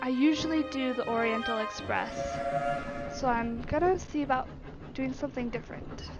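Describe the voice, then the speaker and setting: High-voiced woman streamer reading a game. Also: normal speed, muffled recording, loud music behind the voice. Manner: chatty asides between read passages. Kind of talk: let's play, reading a story game aloud.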